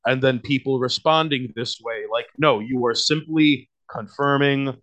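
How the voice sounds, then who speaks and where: A man's voice: medium pitch, unhurried, a bit bright. A man with a New York accent, a guest on a podcast, talking casually in a rambling way. He leans on fillers, restarts and lots of swearing.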